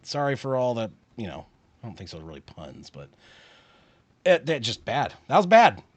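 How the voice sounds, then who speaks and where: A man calling a football game play by play on his live stream, rising with excitement on big plays and dropping to quiet muttered asides. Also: mid-range voice, moderate pace, no room sound. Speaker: streamer and sports commentator.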